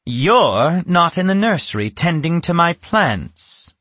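A man voicing a stern, suspicious female witch in a storybook reading, speaking slowly and with menace. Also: a little high, very animated, a bit bright, no room sound, pitched above the performer's own voice, exaggerated voice. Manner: menacing, slow and drawn-out.

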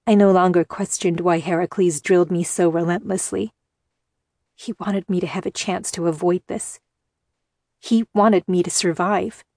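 An audiobook narrator reads a first-person story aloud with tense, emotional delivery. Her voice is on the low side with a darkish tone, recorded in studio quality with no echo.

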